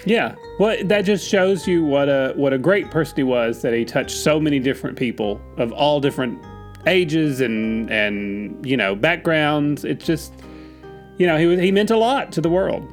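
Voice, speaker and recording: A man's voice: on the high side, expressive, normal speed, soft background music. A man co-hosting a podcast, telling stories in a chatty way and acting out quotes with gasps. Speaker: podcast co-host. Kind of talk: casual chat.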